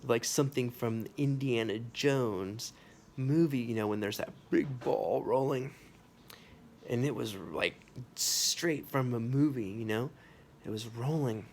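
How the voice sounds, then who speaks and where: A man telling a personal anecdote, animated and full of sound effects and casual asides. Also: medium pitch, a little slow, a little hiss or hum. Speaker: storyteller. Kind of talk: personal anecdote told to camera.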